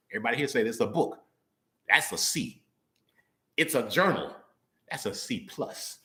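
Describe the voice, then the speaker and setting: A young man giving a conversational sermon, playful and animated, laughing often and acting out quick voices. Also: fairly high pitch. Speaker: preacher. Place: church hall. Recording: roomy echo.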